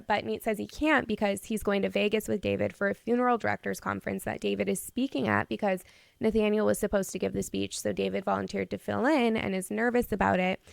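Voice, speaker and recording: A young adult woman co-hosting a podcast, casually retelling scenes in an animated way, laughing often and swearing casually. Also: medium pitch, no room sound, clean studio sound. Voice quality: gravelly fry in the voice. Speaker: podcast co-host recapping episodes.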